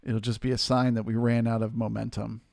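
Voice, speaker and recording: A man with a gravelly, fry-tinged voice at a medium pitch talks through a live market stream, calm and explanatory as he takes questions from the chat. The sound is dry and close, with no room around it. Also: fairly quick, no echo. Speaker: trading stream host.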